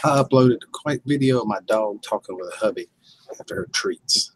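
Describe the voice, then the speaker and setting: Husky low-voiced man, laid-back chat. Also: a little fast, no echo, low-quality recording. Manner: laid-back, chuckling, tells homey stories. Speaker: livestream host. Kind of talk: casual livestream chat.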